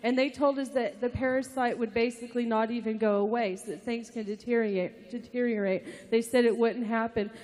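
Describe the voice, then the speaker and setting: A woman's voice: a little high, fairly even intonation, a little fast, few pauses, a little mellow. A mother giving an emotional testimony in church, tearful and breathless, laughing through tears. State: crying. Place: large church hall. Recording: long reverb of a big hall.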